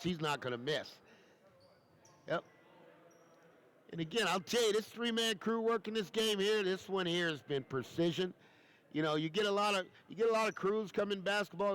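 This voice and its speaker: A man with a fairly high voice calls a live basketball game. He talks in a folksy, chatty way and keeps repeating his phrases. A ball bounces on the court behind him. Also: fairly bright tone. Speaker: play-by-play commentator.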